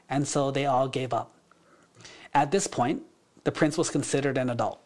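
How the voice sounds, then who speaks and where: A man, a monk teaching a class, telling a story in a relaxed, conversational way with frequent fillers. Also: medium pitch, moderate pace. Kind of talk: casual storytelling.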